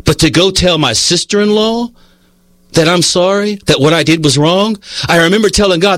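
A man's voice: on the high side, expressive, fairly quick, fairly bright tone, dry recording. A man preaching a sermon in an earnest, conversational way, telling a personal story and reading passages aloud.

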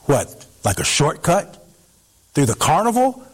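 A man's voice: on the high side, huge pitch swings, a little slow, slightly rough, full character voice. A man doing a worn-out wanderer who trusts nobody, speaking in a curt, sardonic voice. The lines rise and fall a lot, voiced within a spoken story. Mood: sardonic weary. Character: weary, battered, distrustful road wanderer.

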